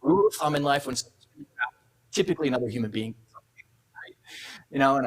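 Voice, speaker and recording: A middle-aged man addresses an awards event with a motivational speech. He tells his stories with energy, acts out the dialogue, and drops into soft asides. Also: mid-range voice, fairly quick, poor audio. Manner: animated storyteller acting out dialogue. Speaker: keynote speaker. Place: event hall.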